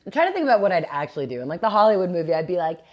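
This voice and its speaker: A woman's voice: on the low side, very animated. Wry woman co-host reacting to a story. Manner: reactive listener, quick dry asides. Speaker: podcast co-host listening. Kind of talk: casual chat.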